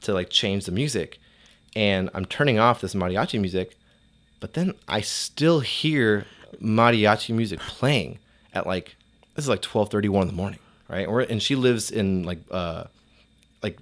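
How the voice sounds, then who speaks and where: Young man, casual podcast chat, slightly low voice, swears a lot, lots of "like", animated storytelling. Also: moderate pace. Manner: animated, profane storytelling with many "like"s. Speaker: storyteller guest.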